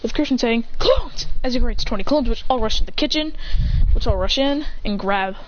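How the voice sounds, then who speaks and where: A young woman casually telling a fan story with restarts, slipping into quick character voices, on a dull lo-fi recording. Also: a little high, slight background noise.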